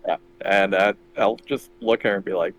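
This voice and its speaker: A man playing a tabletop game, talking casually in a soft, hesitant way. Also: low-pitched, steady tone, fairly quick, slight background noise, low-quality recording. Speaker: player.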